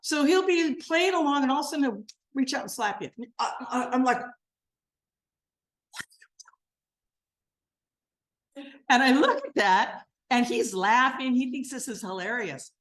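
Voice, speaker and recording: An older woman minister giving a sermon, gentle and earnest, sinking to a soft, quiet voice as she leads a guided meditation. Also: very animated, fairly quick, few pauses. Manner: gentle, earnest and softly spoken, dropping low and quiet.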